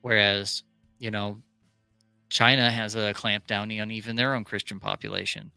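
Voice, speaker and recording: A man's voice: on the low side, level tone, moderate pace, gravelly, sharp tone, clear, resonant tone, dry recording, soft background music. A male co-host giving opinionated casual commentary, often restarting his sentences.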